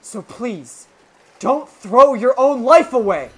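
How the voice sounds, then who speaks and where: A performer voicing a hot-headed, defiant young male film director in a game dub, talking loud and forceful. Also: mid-range voice, animated, slow. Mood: pleading. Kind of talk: dramatic video game voice-over reading.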